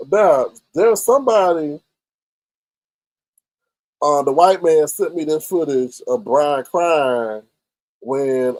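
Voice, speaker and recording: A man's voice: medium pitch, warm tone, no echo, rough recording. A man hosting a live stream, chatting sassily with his chat and reacting to their messages. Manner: sassy, chatty, talks straight to chat. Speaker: livestream host reading chat. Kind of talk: casual live-stream commentary.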